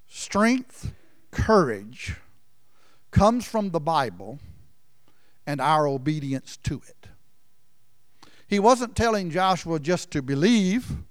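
A man preaching a sermon in a folksy storytelling way, swinging from loud emphasis down to near-whispers. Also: high-pitched, dry recording, studio quality. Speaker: pastor.

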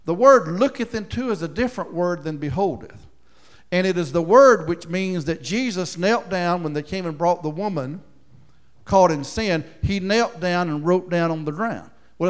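A man preaching a sermon as pastor, moving between loud emphatic points and quiet, chuckling asides. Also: sits high.

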